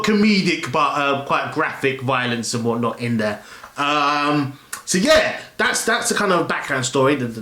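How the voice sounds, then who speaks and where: A man's voice: medium pitch, fairly bright tone. Rambling man reviewing a film, echoey room. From London, England. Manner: rambling, many fillers and restarts. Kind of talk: casual spoken film review.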